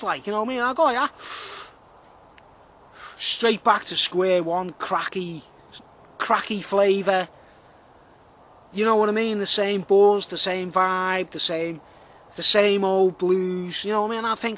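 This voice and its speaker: A man's voice: high voice, expressive, moderate pace, bright, forceful tone. A man rambling through a video monologue outdoors in the woods, full of fillers and repeats. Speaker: vlogger.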